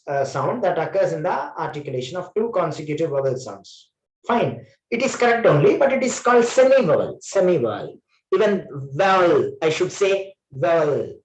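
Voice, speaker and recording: A man with an Indian English accent giving a classroom lecture as an English trainer, explaining patiently and repeating key words. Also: high voice. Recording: echoey classroom.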